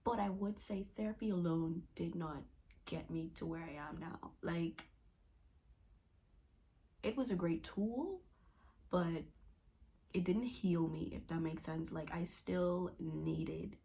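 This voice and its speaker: A woman's voice: on the low side, takes it slowly, pauses often, warm tone. A woman in her twenties giving a candid, emotional personal testimony, searching for words with many fillers and restarts. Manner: earnest and emotional. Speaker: testimony speaker.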